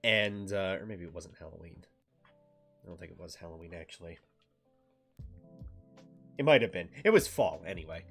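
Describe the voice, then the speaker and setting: A man streaming, recapping a game in loose casual chat, swearing freely and halting with fillers. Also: low-pitched, a bit bright, faint music behind.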